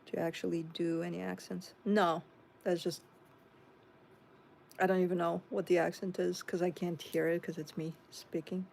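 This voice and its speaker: Chatty low-voiced woman with gravelly fry. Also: flat delivery, moderate pace, a little mellow, a little hiss or hum. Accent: Chicago. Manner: chatty, reads viewer comments aloud and answers them. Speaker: tarot reader hosting a live stream. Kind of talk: casual live-stream chat reading comments.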